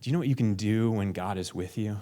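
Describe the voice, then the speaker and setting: Conversational, animated male pastor preaching. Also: on the low side, fast talker. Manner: conversational, acts out prayers in a raised voice, drops to a near whisper for emphasis. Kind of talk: sermon.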